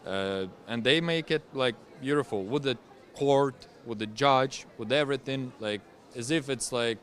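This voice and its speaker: A young man with a Ukrainian accent, a veteran guest speaking English as a second language in an interview, talking in halting phrases full of fillers and restarts. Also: medium pitch. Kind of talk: interview testimony.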